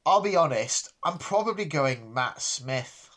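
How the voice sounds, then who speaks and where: A man's voice: a little high, expressive, measured pace, fairly bright tone. A man co-hosting a podcast in casual chat, dry and self-deprecating, often restarting his sentences. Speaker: podcast co-host.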